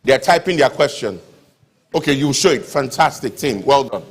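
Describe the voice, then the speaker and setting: A man acts as master of ceremonies, courteous and formal. His voice sits at an ordinary middle pitch for a man. He sounds like he is speaking in a lecture hall. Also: expressive, moderate pace, slightly rough. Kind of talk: formal event hosting.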